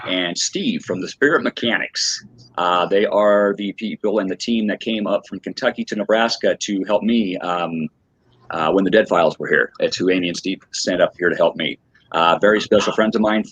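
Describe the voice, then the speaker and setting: A man's voice: on the low side, normal speed, a bit bright, slightly rough, no room sound. A man hosting a live paranormal talk stream, chatting casually and laughing easily with his guests. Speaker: host of a paranormal live show. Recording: dull lo-fi stream audio.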